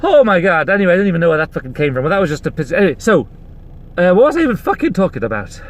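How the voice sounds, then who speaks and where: A man's voice: sits high, very animated, rapid-fire. A man hosting a podcast, delivering a heated, rambling and profane rant from a car while driving. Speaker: podcast host. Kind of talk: ranting monologue.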